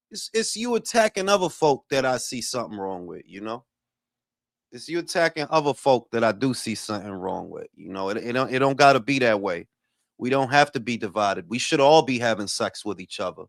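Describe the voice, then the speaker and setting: A man who hosts a boxing talk livestream, chatting casually and profanely and giving shout-outs to his chat. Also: medium pitch, no echo, clean studio sound. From Dominican heritage. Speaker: boxing talk show host.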